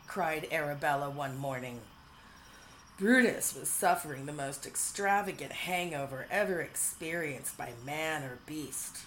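A woman narrating a whimsical storybook in a measured, dryly humorous way. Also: sits low, a little hiss or hum, poor audio.

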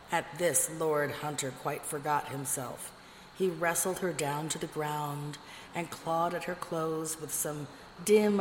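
A woman narrating a fairy tale in a measured, expressive reading. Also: low voice. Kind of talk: storybook reading. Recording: echoey room with long reverb, faint noise.

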